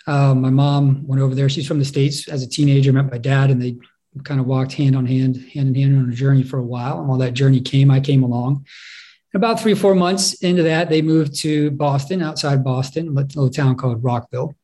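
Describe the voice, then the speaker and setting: A man telling a personal story on stage in a reflective, halting way, often restarting his sentences. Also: mid-range voice, steady tone, mellow. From England.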